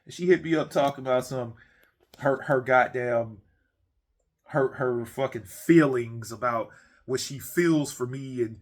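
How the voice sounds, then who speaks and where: A man speaking at a measured pace in a mid-range voice rants comically from his man cave, swearing heavily. His monologue is blunt and repetitive, with frequent stumbles and restarted sentences along the way.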